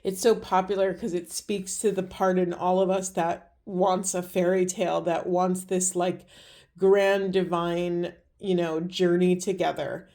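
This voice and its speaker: A woman giving a spiritual card reading to her viewers, speaking slowly and earnestly with many pauses and restarts, moved close to tears. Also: fairly low pitch, level tone, dark tone. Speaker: tarot and oracle reader.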